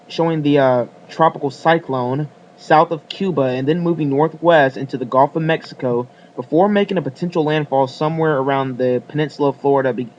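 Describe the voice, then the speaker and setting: A man's voice: fairly high pitch, darkish tone, highs cut off, a little hiss or hum. A man giving a casual weather forecast video, rambling with fillers and apologies as he works the screen.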